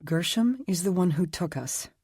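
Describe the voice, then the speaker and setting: A woman's voice: on the low side, expressive, normal speed, dark tone, breathy edge, no room sound, clean studio sound, pitched above the performer's own voice. A narrator voicing a frightened but tough young woman held captive, asking urgent, breathless questions in a raised voice. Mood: subdued.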